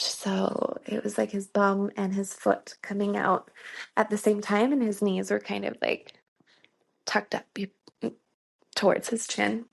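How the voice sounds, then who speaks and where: A woman in her thirties with a strongly gravelly, creaky voice at a middle pitch recounts a personal experience. She talks earnestly and informally, leaning on "like" and breaking into laughs as she goes. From Canada. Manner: earnest, many "like" fillers, laughs often. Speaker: guest. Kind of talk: personal storytelling in a podcast interview.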